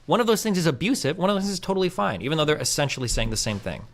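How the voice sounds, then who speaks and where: A man's voice: high-pitched, expressive, rapid-fire, few pauses, a bit bright. A man in a heated debate, blunt and sarcastic, swearing and cutting in. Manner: blunt, sarcastic, profane, interrupting. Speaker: debate streamer.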